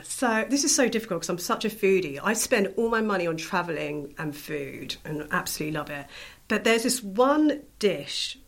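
A woman in her thirties, her voice sitting a little low, chats through her travel memories with a bubbly, rambling ease. She peppers every sentence with little fillers, sounding relaxed and talkative in a casual podcast conversation. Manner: chatty, bubbly, many fillers. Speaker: podcast guest. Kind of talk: casual storytelling chat.

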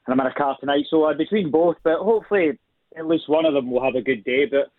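A man's voice: on the high side, fast, dry recording. A man with a thick Scottish accent, chatting as a guest over the phone, talkative and self-deprecating. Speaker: guest actor. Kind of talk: casual chat. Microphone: phone call. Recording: tinny phone line.

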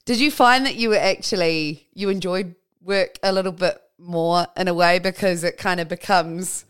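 Young female podcast host, friendly chatter, smooth resonant voice. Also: lowish voice, moderate pace, a bit bright. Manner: friendly, chatty, affirming with "yeah". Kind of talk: casual interview chat.

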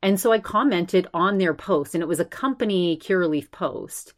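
A woman's voice: lowish voice, normal speed. Anxious rambling woman podcast host. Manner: rambling, animated, with frequent restarts and laughs. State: anxious, shaken. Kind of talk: casual personal update.

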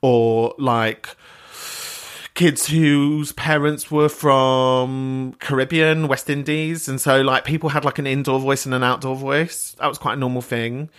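A man's voice: medium pitch, steady tone, measured pace, fairly bright tone, clear, resonant tone. A man with a London accent hosting a podcast, chatting casually, tangential and laughing often. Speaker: podcast host.

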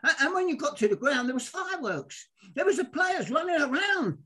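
An older man from telling animated, rambling stories as a guest, acting out the people he quotes. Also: very high-pitched, brisk. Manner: excitable, rambling, acts out quoted dialogue. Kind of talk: animated storytelling.

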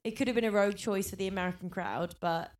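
A woman co-hosting a podcast in casual chat, chatty and quick to laugh. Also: mid-range voice. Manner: chatty, laughs often, does playful impressions. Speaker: podcast co-host.

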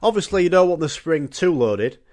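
A man's voice: fairly high pitch, animated, brisk, a little mellow. A young man, hosting a solo comedy podcast in a rambling, jokey, sweary way. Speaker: podcast host.

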